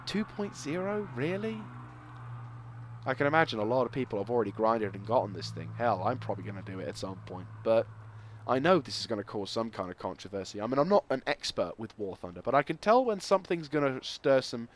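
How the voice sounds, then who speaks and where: A young man hosting casual game commentary, excitable and rambling, with loud exclamations. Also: mid-range voice. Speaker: gaming video host.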